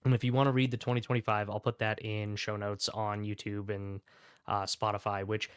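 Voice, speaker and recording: A man's voice: fairly low pitch, level tone, a little fast, smooth, dry recording, studio quality. Enthusiastic man reviewing whiskey. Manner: enthusiastic, rambling with fillers and self-corrections. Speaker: whiskey reviewer and podcast host. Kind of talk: casual review monologue.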